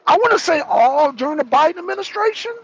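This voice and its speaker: A man with a very high, gravelly voice rants through heated political commentary and calls out his co-hosts by name. The sound is a bit muffled, with faint noise behind him. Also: fast talker, dry recording. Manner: animated, ranting, addresses co-hosts by name. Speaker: political talk show host.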